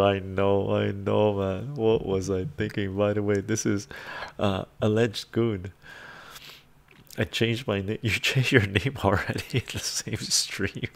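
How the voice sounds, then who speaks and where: Laid-back man, low and gravelly. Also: level tone, slow pace. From Canada. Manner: soft-spoken, laid-back, chuckles often, drifts into whispers. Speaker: live-stream host reading chat. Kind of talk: casual live-stream chat.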